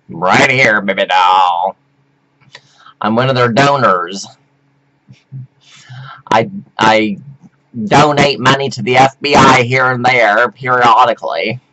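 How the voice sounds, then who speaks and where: A man rambling theatrically to his webcam at home, whooping, giggling and flipping between shrill squeals and low mutters. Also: slow, long pauses, bright, forceful tone, poor audio. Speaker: performance artist vlogger. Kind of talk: rambling camp monologue to webcam.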